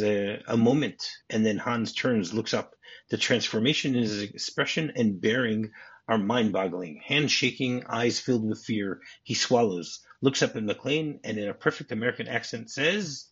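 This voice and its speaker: A man's voice: fairly low pitch, slightly rough. A man hosting a casual film podcast, chatting and reading script passages aloud. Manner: reads script passages aloud, quick asides. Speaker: podcast host. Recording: dull lo-fi audio.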